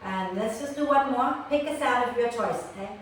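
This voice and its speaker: A woman teaching an online prenatal yoga class, guiding gently and tagging her cues with "okay?". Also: on the high side, moderate pace, very echoey, recorded from a distance, slight background noise, poor audio. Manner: gentle, tags nearly every instruction with "okay?". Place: room recorded for an online class.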